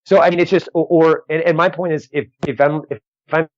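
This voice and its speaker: A man, a comedian, tells a story to podcast hosts over a video call. His voice sits a little high and sounds dull and lo-fi, with almost no room sound. He rambles, restarts often and acts out both sides of the conversation. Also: fairly even intonation, brisk, a little mellow, no echo. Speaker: comedian guest. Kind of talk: casual podcast interview storytelling.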